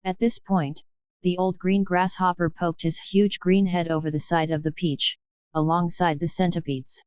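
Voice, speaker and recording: A woman narrates a children's audiobook in a steady, even reading. Her voice is low and smooth. The recording is dry and a little muffled. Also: normal speed, no room sound. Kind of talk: scripted narration. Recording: dull dry studio recording.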